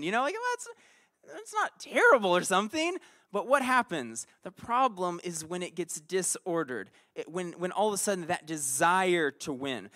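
A male pastor with a fairly high voice delivers a casual, story-driven sermon. He talks like a friend, dropping to near-whispered asides and then surging loud with excitement. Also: normal speed. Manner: animated storyteller, swings between quiet asides and loud bursts. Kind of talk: conversational sermon with personal story.

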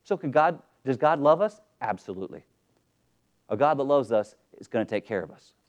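A man's voice: mid-range voice, animated, fairly quick, highs cut off. A man preaching a sermon in a conversational way, reading scripture and asking and answering his own questions. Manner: conversational, asks questions and answers them himself; quotes scripture and acts out voices of other people.

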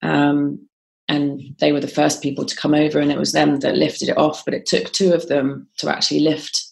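Woman, low voice, gravelly fry, halting, lots of ums, casual storytelling. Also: flat delivery, darkish tone. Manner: halting, with many ums and restarts. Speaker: podcast guest. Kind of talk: conversational storytelling.

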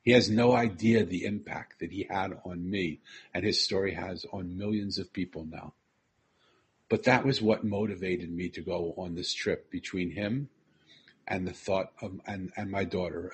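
A man's voice: low voice, fairly bright tone, breathy edge. A man earnestly telling a personal story, repeating phrases and quoting the people he met.

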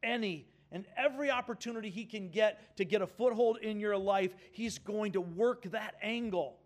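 Here a pastor with a high voice preaches at a moderate pace, urging his listeners to answer back in call-and-response. His delivery is earnest and emphatic.

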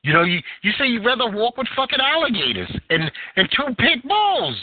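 Animated man on a tinny phone line. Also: moderate pace, no room sound. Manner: animated, profane storytelling with wide pitch swings. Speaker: podcast host. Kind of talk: casual chat.

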